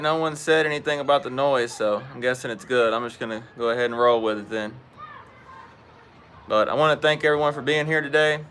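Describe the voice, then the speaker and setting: A man's voice: mid-range voice, bright, forceful tone, a little hiss or hum. Chatty man hosting a live stream. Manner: chatty, greets viewers by name. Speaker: fishing livestream host. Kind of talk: casual live-stream chat. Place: outdoors at home.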